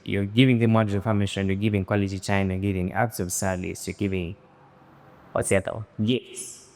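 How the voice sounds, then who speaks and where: Mellow, low-voiced man explaining. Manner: explanatory, hesitant, restarts while laying out examples. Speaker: podcast co-host. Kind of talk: casual podcast chat.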